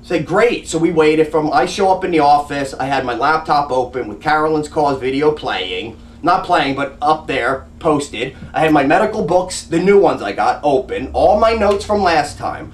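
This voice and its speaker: An agitated, animated man, an adult whose grandmother and father are living, casually recounts a heated doctor visit as the family's advocate, acting out the quotes. His slightly high voice moves at normal speed with hardly any pauses, recorded far from the mic in an echoey room with a little hiss or hum.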